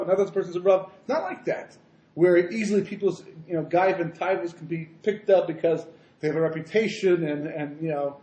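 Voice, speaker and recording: Male rabbi, animated lecturer with asides, slightly high voice, roomy echo. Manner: animated storytelling with frequent asides. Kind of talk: Torah lecture.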